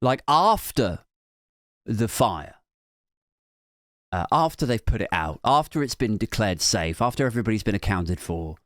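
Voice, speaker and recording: A male podcast comedian riffing in a sardonic, rambling monologue and swearing freely. His pitch swings widely from low mutters to high squawks. The recording is dry and close, with no room echo. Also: lively intonation, normal speed, long pauses, fairly bright tone. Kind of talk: comic monologue.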